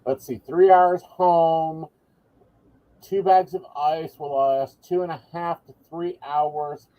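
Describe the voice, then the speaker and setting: A man's voice: on the high side, steady tone, takes it slowly, dull audio. A man co-hosting a casual chat, making wry, dry asides. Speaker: podcast co-host, psychic.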